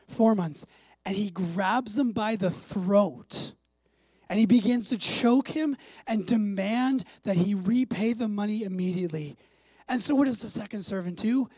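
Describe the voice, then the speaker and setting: A pastor preaching a sermon emphatically, swinging between soft passages and loud, urgent ones. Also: medium pitch, no echo.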